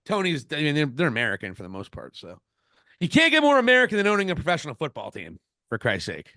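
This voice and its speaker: Male podcast co-host, rambling and opinionated; bright tone, dry recording. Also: fairly high pitch, wildly swooping pitch, quick pace, no room sound. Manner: opinionated, rambling, frequent restarts. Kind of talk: casual wrestling podcast chat.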